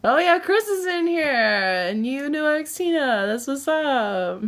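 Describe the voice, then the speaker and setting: A woman talking at an unhurried, slow pace as she hosts a casual livestream. She chats directly with her viewers and laughs often between remarks. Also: high-pitched, lively intonation, a bit bright. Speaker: livestream host.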